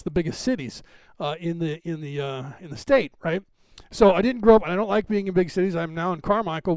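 A man's voice: a little high, a little mellow, clean tone, no room sound. A middle-aged man from Northern California with a Californian accent, hosting a live stream and chatting to viewers in a rambling, digressive way, often adding "right?".

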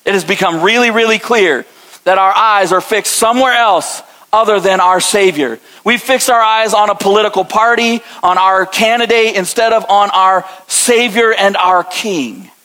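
Male pastor, middle-aged, high-pitched and impassioned, delivering a sermon to his congregation. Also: moderate pace, big-room sound, rough recording. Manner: impassioned preaching, shifts between soft intensity and lively mock voices.

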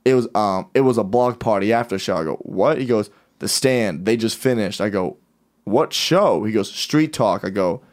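A man in casual podcast banter. He is an animated storyteller who jumps into other people's voices as he tells a story. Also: on the low side, moderate pace. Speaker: podcast host. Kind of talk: casual chat.

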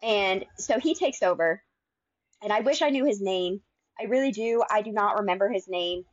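Animated woman telling her story. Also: medium pitch, normal speed, dry recording, lo-fi sound. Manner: animated, acts out quoted dialogue. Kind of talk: casual storytelling.

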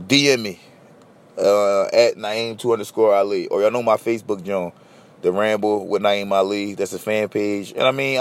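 A young man with a Philly accent, from Philadelphia, hosts a casual solo podcast. He tells stories with animation, bluntness and plenty of profanity, in a medium-pitched voice.

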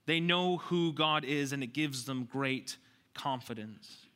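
A man's voice: mid-range voice, slow, bright, forceful tone, clear, resonant tone. A man preaching a sermon, speaking emphatically, repeating key lines and putting rhetorical questions to his congregation.

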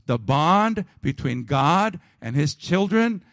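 A male pastor preaching a sermon to his congregation, rising to loud emphatic peaks and dropping to a quiet, low prayer. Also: sing-song, slow pace, creaky, no room sound, clean studio sound. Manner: calls out to the congregation.

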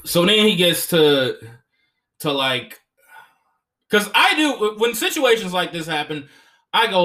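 A young man hosting a podcast, telling stories in an animated way, swearing often and slipping into voices. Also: high voice, measured pace, long pauses. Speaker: podcast host and comedian. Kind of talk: casual chat.

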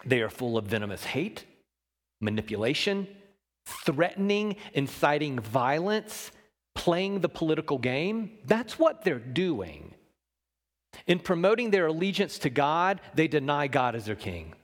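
A man preaching a sermon, shifting between loud emphasis and hushed low lines and asking the congregation questions. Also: very animated, a little slow, big-room sound. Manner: talks with the congregation, asks them questions. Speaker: pastor.

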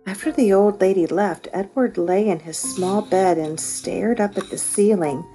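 A woman's voice: mid-range voice, unhurried, faint music behind, rough recording. Woman reading a storybook aloud. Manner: expressive storytelling. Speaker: reader. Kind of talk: reading a children's book aloud.

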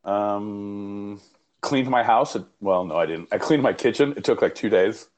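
A man's voice: lowish voice, a little slow, darkish tone. A man co-hosting a podcast, telling rambling, profanity-laced stories in casual chat. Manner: rambling, profane anecdotal storytelling. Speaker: podcast co-host.

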